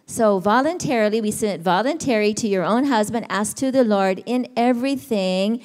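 A woman's voice: mid-range voice, normal speed, few pauses. A middle-aged woman, teaching a church women's session in a conversational way and asking her listeners questions. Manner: warm, conversational, asks the audience questions.

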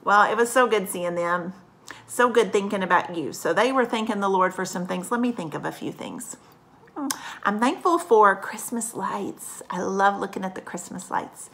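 A woman kindergarten teacher giving a recorded online lesson, gentle and encouraging toward young children. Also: mid-range voice, moderate pace.

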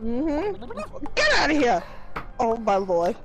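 Young woman yelling n swearing at a game, high voice that swings all over, kinda slow talker, game music behind. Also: huge pitch swings, low-quality recording. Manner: loud, swearing, laughing, exasperated outbursts. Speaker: gamer playing on stream. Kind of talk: casual let's-play reactions.

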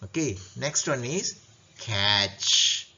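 A man teaching a lesson, slowly repeating questions and answering them himself. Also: mid-range voice, lively intonation, bright, forceful tone. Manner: slow, repetitive, asks and answers his own questions. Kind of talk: classroom lesson walkthrough. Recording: dull lo-fi recording.

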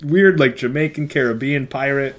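A man's voice: medium pitch, moderate pace, fairly bright tone. A man co-hosting a casual comedic movie podcast, rambling with lots of "like" fillers and sudden bursts of mock outrage. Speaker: podcast co-host.

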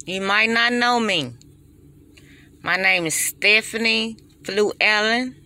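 A woman's voice: mid-range voice, slow pace, pushed and bright. A woman, giving an impassioned, preachy monologue straight to her phone. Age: 40s. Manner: preachy, emphatic and repetitive. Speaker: vlogger.

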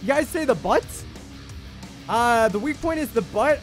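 A young man streaming a game live, chatting with viewers in an excitable, jokey way and repeating himself when he panics. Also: very high-pitched, measured pace, faint music behind. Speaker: gaming livestreamer. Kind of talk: excitable live gameplay commentary.

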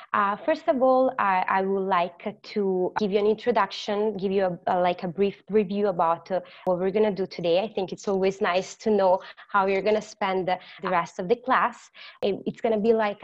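A woman's voice: medium pitch, dull audio. A woman from Italy with an Italian accent, a native Italian speaker, teaching an online beginner class as a language tutor, chatty and full of hesitant fillers.

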